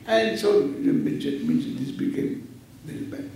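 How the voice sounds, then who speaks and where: A Vedanta teacher from India in his 70s gives a playful scripture lecture, acting out little dialogues with laughter. His high-sitting voice swoops wildly in pitch, creaky and mellow, at a moderate pace, recorded with a distant mic in an echoey hall with faint noise.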